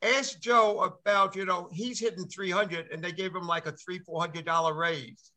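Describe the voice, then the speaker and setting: A man's voice: high-pitched, steady tone, moderate pace, bright, forceful tone. An older man on a panel, teasing an old teammate with stories. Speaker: former ballplayer on a panel. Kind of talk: casual storytelling on a panel.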